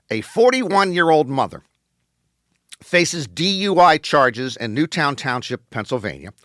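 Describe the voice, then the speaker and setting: A man hosting a show with a scripted comic monologue, wry and deadpan with sudden emphatic bursts. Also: fairly high pitch, no room sound, clean studio sound. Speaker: host.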